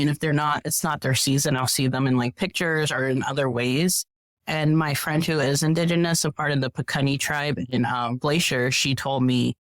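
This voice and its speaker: Woman guest chatting casually, lively storyteller, dry close sound. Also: deep voice, dry recording. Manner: animated, acts out quoted voices. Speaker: podcast guest, professional hiker.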